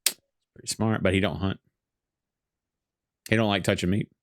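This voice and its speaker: A man's voice: low-pitched, steady tone, a little slow, no echo. A man chatting casually as a podcast guest, joking and rambling while reacting to a movie, laughing often. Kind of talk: casual movie commentary chat.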